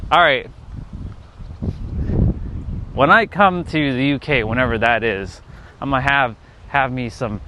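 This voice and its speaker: A man's voice: mid-range voice, unhurried, pauses often, pushed and bright, slight background noise. A man chatting casually on a live stream outdoors, rambling with lots of fillers and laughing at himself. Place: outdoors near a park.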